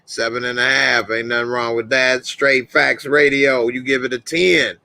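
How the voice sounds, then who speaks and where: A man's voice: medium pitch, steady tone, normal speed, creaky, hardly any pauses, bright, forceful tone, no echo. A man hosting a live reaction stream, casually reading out viewer comments and ratings in a laid-back, chatty way.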